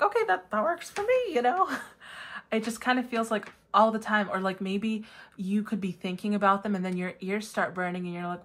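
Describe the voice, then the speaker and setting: A woman giving a casual pick-a-card tarot reading to her viewers, chatty and full of fillers, now and then breaking into high excited squeals. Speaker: tarot reader.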